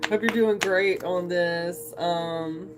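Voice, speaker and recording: Woman livestream tarot host, unhurried and chatty, clear music bed behind her. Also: fairly low pitch, steady tone. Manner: chatty, rambling, addresses viewers as you guys. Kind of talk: casual livestream tarot reading. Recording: singing bowl music playing behind.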